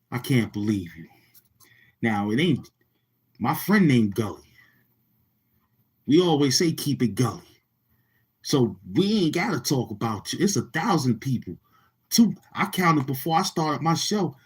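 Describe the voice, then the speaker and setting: Husky-voiced man ranting on a vlog. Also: mid-range voice. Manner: repetitive, taunting, slangy delivery. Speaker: commentary vlogger. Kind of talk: rambling street-talk commentary.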